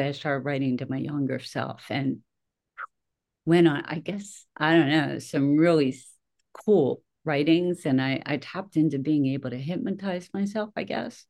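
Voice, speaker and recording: A middle-aged woman with a notably low voice talks casually on a podcast. She tells stories about herself with lively energy and often laughs at her own expense. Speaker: podcast host.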